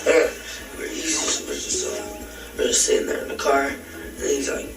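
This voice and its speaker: A man's voice: mid-range voice, very animated, distant mic, over loud music. Rambling young man in an echoey interview room. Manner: rambling, halting retelling full of restarts. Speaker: witness being questioned. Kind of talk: recorded police interview.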